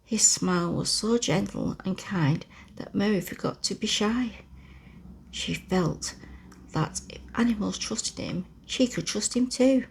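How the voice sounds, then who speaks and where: A woman reading a classic children's story aloud in a slow, soft whisper, a whispered role-play for relaxation, close to the microphone. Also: medium pitch, gravelly, husky. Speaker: ASMR storyteller.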